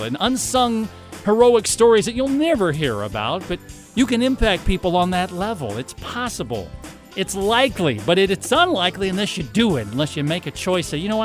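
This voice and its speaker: A man hosting a talk radio show, in a rambling, enthusiastic monologue with preachy asides. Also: high-pitched.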